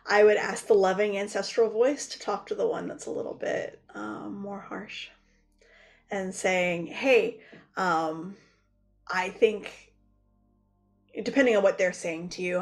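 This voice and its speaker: A woman talks as a podcast guest, explaining at an unhurried pace with many pauses and fillers. Her voice sits in a middle range for a woman. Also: mid-range voice. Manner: thoughtful, with frequent "um" pauses. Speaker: guest, spiritual practitioner. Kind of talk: casual podcast conversation.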